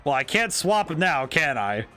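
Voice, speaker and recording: A man's voice: fairly high pitch, normal speed, soft background music. A man commentating his game stream casually, joking and chatting with viewers. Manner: excitable, jokey, chats with viewers.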